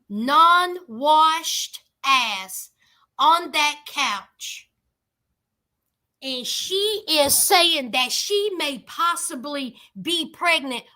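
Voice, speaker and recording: A woman's voice: high voice, sharp tone. A woman giving a comedic, sassy recap of a reality show, mocking the people in it with dramatic flair. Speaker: reality TV commentator.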